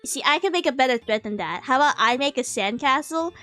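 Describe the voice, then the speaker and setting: High-voiced rambling woman streamer. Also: fast, faint music behind. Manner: rambling, animated, self-interrupting. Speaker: vtuber streamer. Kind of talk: casual stream chat.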